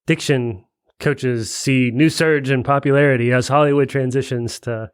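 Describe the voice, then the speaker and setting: A man co-hosting a casual film podcast, agreeable and quick to chime in. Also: medium pitch, steady tone, smooth, dry recording, clean studio sound. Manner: agreeable, chiming in. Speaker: podcast co-host.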